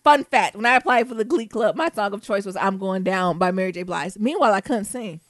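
A woman co-hosting a casual podcast chat, animated, laughing often and singing snatches of songs. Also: medium pitch, fairly quick, no echo, studio quality. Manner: animated, laughing, breaks into song. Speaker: podcast co-host.

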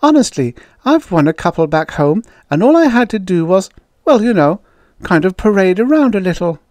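A man's voice: high-pitched, big pitch swings, moderate pace, a little mellow, no echo, pitched above the performer's own voice. Man doing a wistful brunette pageant girl. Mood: earnest. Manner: wistful, earnest. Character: hefty, good-natured young brunette contestant.

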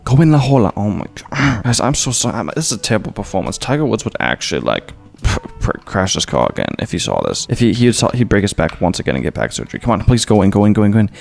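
An excitable man narrates his gameplay in a jokey, playful way, scattering mock-Spanish phrases through his talk. His voice has a gravelly edge, and his pitch jumps around a lot between lines. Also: fast, soft background music. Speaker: gaming YouTuber. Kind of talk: gameplay commentary.

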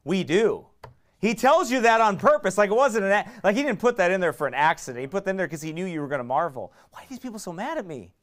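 A man's voice: high-pitched, lively intonation, quick pace, fairly bright tone. Fiery preaching man, drawl. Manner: fiery, emphatic preaching with sudden raised bursts. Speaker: pastor. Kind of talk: sermon.

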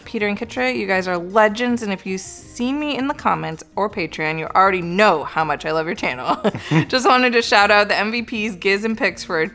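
A woman co-hosting a casual unboxing chat, excitable and gushing, laughing often. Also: medium pitch, brisk, few pauses, soft background music. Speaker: co-host.

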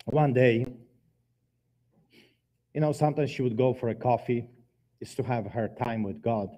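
A man with a dark, mellow voice preaches his testimony from a church pulpit. His storytelling is dramatic, with sudden emphatic rises and drops in loudness. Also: mid-range voice, measured pace. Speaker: guest preacher giving testimony. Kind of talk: testimony sermon.

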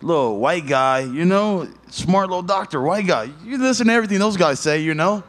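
Man, 30s, fighter at media day. Casual, profane, animated storyteller. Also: high voice, a little fast. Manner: loose, profane storytelling with animated voiced asides.

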